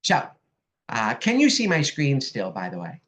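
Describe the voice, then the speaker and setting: A woman life coach giving an upbeat, animated online workshop presentation over a video call. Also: extremely low pitch, moderate pace. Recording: dull lo-fi video call audio.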